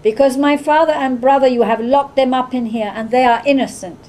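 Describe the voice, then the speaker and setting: A woman's voice: high voice, brisk, a little mellow, a little hiss or hum, natural voice. A woman reading the lines of a guarded young Iraqi woman who speaks formally and earnestly.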